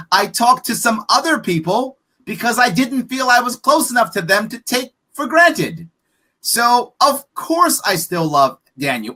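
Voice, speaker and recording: Animated, blunt man on a podcast. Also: high-pitched, husky. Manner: emphatic and blunt, rapid rhetorical questions; profane, frank. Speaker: political candidate guest. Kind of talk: podcast interview.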